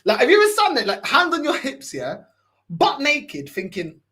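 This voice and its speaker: A man's voice: extremely high pitch, moderate pace. A young man with a London accent hosting a casual chat, telling a story and acting out the quotes. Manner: animated, acts out quotes in shifting voices, laughs often. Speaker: podcast host.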